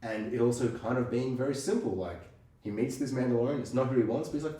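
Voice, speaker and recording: A man co-hosting a podcast, chatting casually and acting out scenes with quick impressions. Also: mid-range voice, recorded from a distance. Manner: animated, acts out scenes in quick impressions, swears. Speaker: podcast co-host. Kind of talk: casual chat. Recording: echoey room, off-mic.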